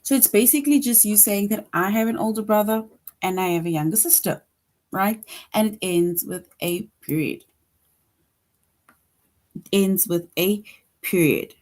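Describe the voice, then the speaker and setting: A woman with a medium-pitched, slightly mellow voice teaches an online grammar lesson to young children. She's slow and patient, repeating points and frequently checking in with "right?".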